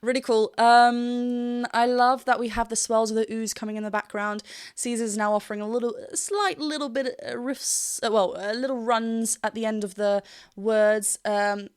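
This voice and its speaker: A woman vocal coach giving excited reaction commentary, laughing often and singing snippets to show what she hears. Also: a little high, moderate pace, clear, resonant tone. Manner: animated, laughs often, sings snippets to demonstrate.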